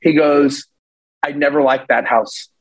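A man guest on a podcast, telling a story in a casual, animated way and acting out the voices of the people in it. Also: on the high side, unhurried, poor audio. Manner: animated, acts out voices in his stories. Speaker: podcast guest, real estate investor.

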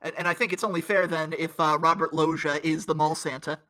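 Male co-host, bright tone, slightly high, measured and analytical. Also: flat delivery. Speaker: podcast co-host. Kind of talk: casual comedic chat.

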